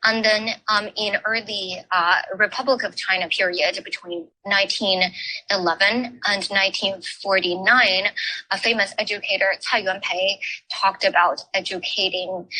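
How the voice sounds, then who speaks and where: A woman lectures at an education forum in an unhurried, measured way. Her voice is bright and crisp. She stops often on fillers as she picks her next words. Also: mid-range voice, poor audio. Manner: halting, with frequent filler pauses. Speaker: forum speaker. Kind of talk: academic talk on education history.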